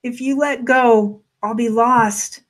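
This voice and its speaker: A woman narrator voicing a calm, insistent woman who hangs from a rope and politely pleads to be held. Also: on the high side, slow pace. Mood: pleading.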